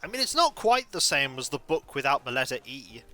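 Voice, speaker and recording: A man streaming a game, chatting casually and telling stories in an animated, chatty way. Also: mid-range voice, fairly quick, faint music behind. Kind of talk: casual chat while playing a game.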